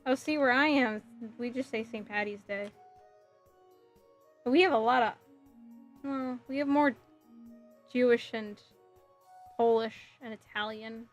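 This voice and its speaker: Giggly New woman, fairly high. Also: unhurried, pauses often, highs cut off, soft background music. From New Jersey. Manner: giggly, scattered, answers chat messages aloud. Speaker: livestreamer building a model kit. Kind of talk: casual chat with stream viewers.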